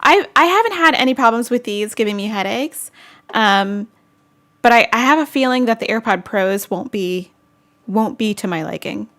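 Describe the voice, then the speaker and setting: A woman with a slightly high voice chats casually on a live stream, giggling often as she answers viewer comments. Her talk is loose and rambling, full of little asides. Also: animated, normal speed, a bit bright. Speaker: vlogger hosting a live chat.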